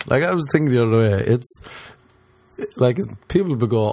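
Male comic, loose rambling storyteller, mid pitch, dry close recording. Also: lively intonation, moderate pace, darkish tone, no echo. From Ireland. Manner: laughs at his own stories, loose and rambling. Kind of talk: casual comedic storytelling.

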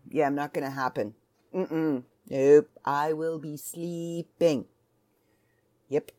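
A woman's voice: deep voice, mellow. A woman hosting a casual solo podcast from home, chatting in a rambling, self-interrupting way. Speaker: podcast host.

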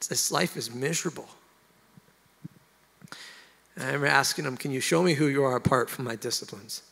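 A man's voice: medium pitch, very fast, gravelly, a bit bright, in a large hall. A man who is a worship pastor, telling his story earnestly and emotionally from a church stage, often stopping and restarting his sentences. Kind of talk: confessional sermon storytelling.

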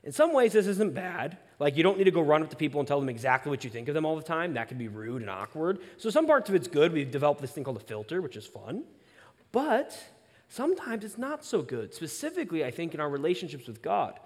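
A young male pastor preaching a sermon, telling a personal story with animated, self-aware asides. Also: fairly high pitch, fast talker, big-room sound.

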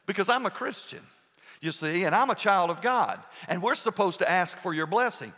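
Bright high-pitched preaching man, echoey hall. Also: sing-song. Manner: earnest preaching with pauses and restarts. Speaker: pastor. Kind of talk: sermon.

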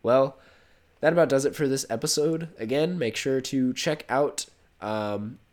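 A man's voice: medium pitch, a little slow. A young man with a cold hosting a casual podcast, rambling and correcting himself, laughing easily. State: has a cold. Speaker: podcast host.

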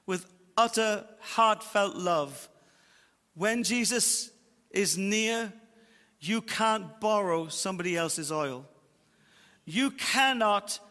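A man preaching a sermon as pastor, emphatic, slowing down to stress his points. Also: sits high, pushed and bright, big-room sound. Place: church auditorium.

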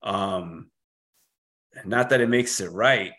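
A man with a New York accent and a lowish voice speaks as a podcast guest. He talks slowly and carefully and often repeats words as he finds them. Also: a bit bright. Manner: measured, hesitant, with repeated words. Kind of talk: casual conversation.

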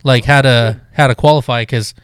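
A man's voice: medium pitch, fairly even intonation, moderate pace, a bit bright, clean tone, no echo, clean studio sound. A man co-hosting a casual podcast, laid-back, laughing often and swearing freely. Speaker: podcast co-host. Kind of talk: casual chat.

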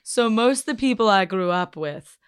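A woman's voice: medium pitch, animated, normal speed, clean tone. A young woman from North Carolina with an unplaceable, faintly Mid-Atlantic accent, talking casually and wryly as a podcast host, laughing often. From North Carolina, USA. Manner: chatty, laughs often, wry. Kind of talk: casual interview.

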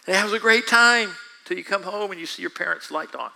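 A man preaching a sermon, talking straight to his listeners with quick asides. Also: high-pitched, creaky, sharp tone, poor audio.

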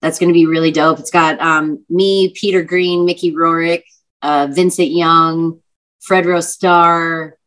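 Low-voiced young woman telling a story. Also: level tone, unhurried, fairly bright tone, rough recording. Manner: chatty, many fillers and restarts. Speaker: guest musician. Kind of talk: casual storytelling interview.

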